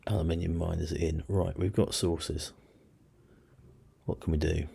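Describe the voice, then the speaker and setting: Very deep, gravelly man muttering over a game. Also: fairly even intonation, a little slow, mellow, slight background noise. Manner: muttering to himself, self-deprecating asides. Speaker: let's play host. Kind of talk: casual strategy game commentary.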